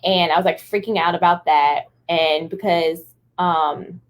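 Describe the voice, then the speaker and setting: A woman's voice: on the low side, unhurried. A woman in her thirties co-hosting a podcast, telling stories in casual chat and acting out what people said, with many fillers. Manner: animated storyteller, acts out quotes, many fillers like "like". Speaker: podcast co-host.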